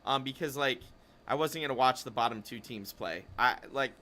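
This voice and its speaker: A man's voice: medium pitch, moderate pace, sharp tone. A man hosting a casual esports podcast, rambling and cutting himself off as he chats. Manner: rambling, self-interrupting, chatty. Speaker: podcast host.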